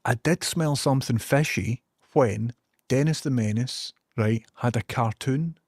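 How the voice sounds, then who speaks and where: A man's voice: medium pitch, a little slow, darkish tone, dry recording, clean studio sound. A Scottish man chatting casually on a live stream, swearing and ranting while he multitasks. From Scotland.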